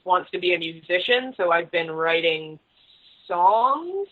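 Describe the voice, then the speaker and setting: A woman's voice: fairly low pitch, big pitch swings, a little slow. A woman, a guest author, chatting casually and animatedly on a podcast, swearing freely. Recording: slightly muffled recording.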